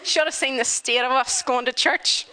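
Woman, lively storyteller, bright and fairly high voice. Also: normal speed. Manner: animated, chatty, full of fillers. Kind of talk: humorous personal storytelling.

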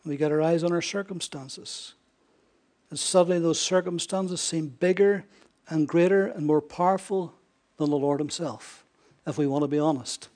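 A man preaching a sermon, swinging between raised emphasis and hushed near-whispers, often asking his listeners rhetorical questions. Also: a little high. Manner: frequent rhetorical questions to the congregation.

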